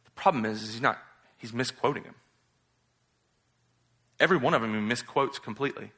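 A man preaching a sermon as pastor, reading scripture and acting out quotes with lively, mocking emphasis. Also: a little high. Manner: animated, mocks in exaggerated voices while quoting.

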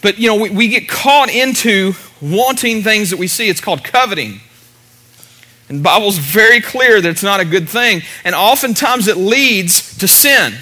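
A man's voice: sits high, lively intonation, moderate pace, sharp tone. A middle-aged male pastor preaching a casual sermon, chatty and full of "you know" fillers.

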